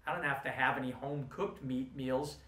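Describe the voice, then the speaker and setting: A man's voice: medium pitch, steady tone, a little fast, pushed and bright, close to an everyday voice. A man doing a blunt, offhand young guy. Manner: casual and blunt. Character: shrugging, offhand young male student. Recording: roomy, from a distance.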